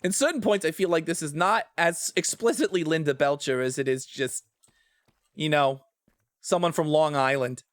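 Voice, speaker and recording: A man's voice: a little high, normal speed, no room sound. A man chatting casually with viewers while streaming a game, rambling, trailing off mid-thought and laughing often. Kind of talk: casual gaming stream chat.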